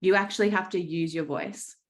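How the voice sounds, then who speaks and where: Low-voiced, blunt Australian woman coach. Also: a little fast. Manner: blunt, swears freely, keeps asking "right?". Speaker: trading coach. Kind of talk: live coaching session talk.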